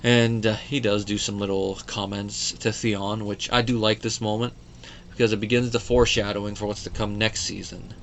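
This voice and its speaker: A man in his thirties with a somewhat low voice chats his way through an episode review, wandering into asides and quoting lines as he goes. A faint hum of room ambience sits behind him. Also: level tone, moderate pace. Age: 30s. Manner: chatty, digressive, with fillers and quoted asides. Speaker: show reviewer. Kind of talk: casual solo review commentary.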